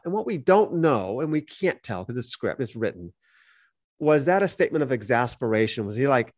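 A man with a somewhat high voice speaks briskly and with animation, reading Bible verses and then explaining them conversationally as a podcast co-host. The audio is studio quality, with no echo.

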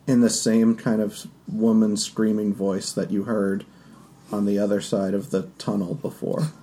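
A man narrating as game master of a tabletop game, describing scenes loosely with fillers and quick asides. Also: lowish voice, level tone, mellow, a little hiss or hum.

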